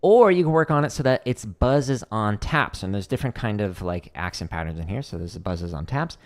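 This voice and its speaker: Guy teaching snare buzz rolls on a stream, low voice but bouncy intonation, lots of "like". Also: lively intonation, brisk. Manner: explanatory, talks through demonstrations, fillers like "like". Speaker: drum teacher hosting a livestream Q&A. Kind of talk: casual livestream teaching.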